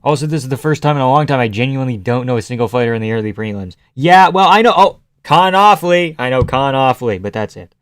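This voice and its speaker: A man's voice: medium pitch, racing, clear, resonant tone, no room sound, studio quality. A man casually reacting to fights on a live stream, chatting loosely with his viewers and swearing freely. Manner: loose, profane, chatty, greets chat by name.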